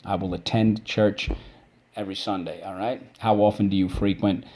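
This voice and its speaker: A man's voice: deep voice, fairly even intonation, darkish tone. A man teaching a vocabulary and spelling lesson. He breaks words into syllables and checks in with "okay?" after each point. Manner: drawn-out syllable drills.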